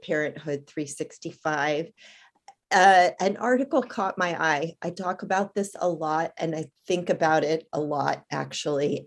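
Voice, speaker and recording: Middle-aged woman, low voice, co-host, thoughtful, measured interview. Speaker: podcast co-host. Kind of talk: casual interview.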